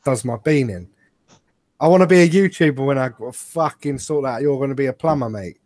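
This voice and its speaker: Swearing liberally, this young British podcast co-host ribs his friends through casual chat. He speaks briskly in a mid-range, darkish voice, and there's a faint hiss or hum on the recording.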